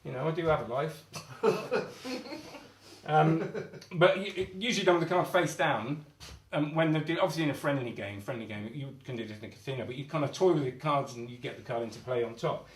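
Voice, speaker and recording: A man's voice: mid-range voice, fast talker, a little hiss or hum. A middle-aged man with a Sheffield accent, performing close-up magic for a live audience, self-mocking, chatty, laughing often. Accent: Sheffield English. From England. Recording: echoey room, mic from a distance. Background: audience laughter and clapping.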